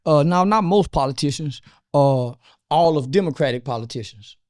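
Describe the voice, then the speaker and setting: A man's voice: a little high, animated, moderate pace, a little mellow. A man from the United States, an interview guest, talking bluntly and crudely with lots of fillers and restarts. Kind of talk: casual interview talk.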